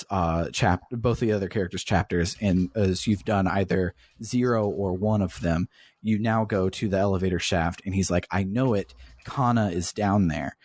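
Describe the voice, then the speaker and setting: Low-voiced man casually recapping a game. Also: darkish tone. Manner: swears casually while recounting the plot. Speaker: podcast host. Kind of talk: casual podcast chat retelling a video game story.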